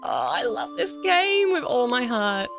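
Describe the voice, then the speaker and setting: A woman in her thirties with an Australian accent, giving gushing, excitable commentary on a game she loves. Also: high voice, measured pace, creaky. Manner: excitable and gushing, laughs often. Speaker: let's play gamer. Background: faint game music.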